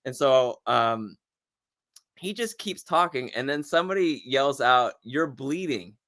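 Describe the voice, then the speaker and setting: A male comedian guest telling a long, animated story in casual chat, acting out the voices of people he quotes. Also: mid-range voice, unhurried.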